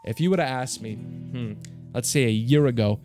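A young man giving hyped, profane commentary over a slot game, jumping between mutters and loud yells. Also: mid-range voice, normal speed, soft background music. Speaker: slots streamer.

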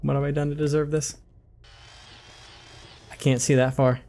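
A man's voice: fairly high pitch, little pitch movement, normal speed, mellow, slight background noise. A man giving jumpy horror game commentary, talking to himself and swearing when startled. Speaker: let's play commentator.

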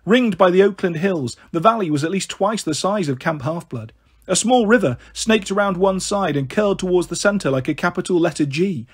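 A man narrating a storybook in a steady reading voice. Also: high-pitched, husky. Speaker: audiobook narrator.

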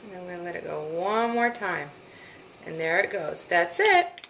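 A young woman hosting a casual cooking demonstration, chatting in a relaxed way with lots of "uh" and "um" fillers. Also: fairly low pitch, normal speed, vocal fry, echoey room, slight background noise. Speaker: cooking show host.

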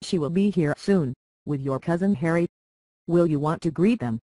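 Audiobook: brisk young castle woman, narrator's voice, matter-of-fact, dry. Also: mid-range voice, warm tone, no room sound, close to an everyday voice. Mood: plain. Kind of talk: audiobook character reading.

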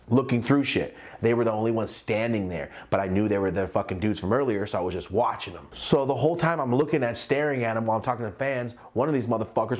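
A man telling a casual storytime vlog about his clothing brand, profane and animated, acting out quotes in loud high voices. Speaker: clothing brand owner and YouTuber.

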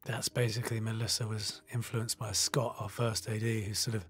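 A man's voice: on the low side, level tone, moderate pace. A man from the United Kingdom talking through a film commentary in a loose, conversational way with many fillers. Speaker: film director.

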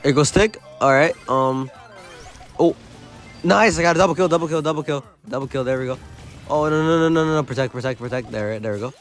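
A man giving live gameplay commentary, excitable and self-mocking, often yelling in bursts, his voice going hoarse. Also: medium pitch, fast, faint music behind. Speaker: gaming YouTuber.

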